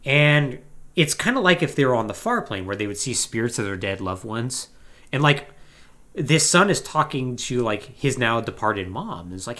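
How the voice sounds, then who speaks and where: A man hosting a casual video game podcast, retelling a story with animated, acted-out quotes. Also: medium pitch, moderate pace. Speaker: podcast host.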